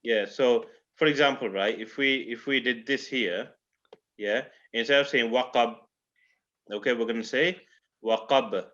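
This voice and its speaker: A man's voice: mid-range voice, moderate pace, fairly bright tone. Male recitation teacher on a video call, muffled lo-fi sound, patient, keeps checking students follow. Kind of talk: online class teaching. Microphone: video call microphone.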